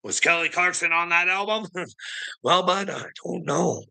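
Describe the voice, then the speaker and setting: A man's voice: high-pitched, unhurried, gravelly, bright, forceful tone, poor audio. A man talking in a rambling, sardonic monologue, laughing often and swearing as he goes. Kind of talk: casual conspiracy commentary monologue.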